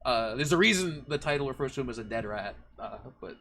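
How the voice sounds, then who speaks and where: A man chatting casually on a live stream about writing his band's lyrics, halting and restarting often. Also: mid-range voice, expressive, bright, forceful tone, a little hiss or hum. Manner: halting, full of restarts and fillers. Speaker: band member, lyricist.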